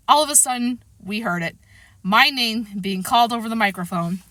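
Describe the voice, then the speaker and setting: A woman reading a children's novel aloud in lively, expressive first-person narration, close to the mic. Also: medium pitch, normal speed, no echo. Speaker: storybook reader.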